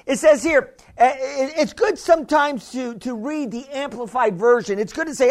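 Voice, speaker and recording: A man's voice: extremely high pitch, moderate pace, hardly any pauses. A man preaching a sermon in a chatty way, laughing often and calling out to the congregation. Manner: chatty, laughing, calls and responses. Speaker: pastor.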